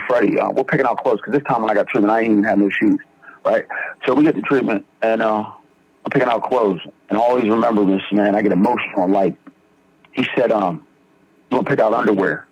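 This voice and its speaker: A man's voice: fairly low pitch, fast talker, a little mellow, slightly rough. A young man from Philadelphia telling his recovery story in a podcast interview, acting out quoted dialogue as he goes. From Philadelphia, Pennsylvania. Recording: dull lo-fi sound.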